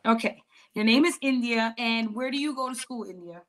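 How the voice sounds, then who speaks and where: Chatty high-voiced woman podcast host. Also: moderate pace, a bit bright. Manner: chatty, rambling with restarts and laughs. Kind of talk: casual interview chat.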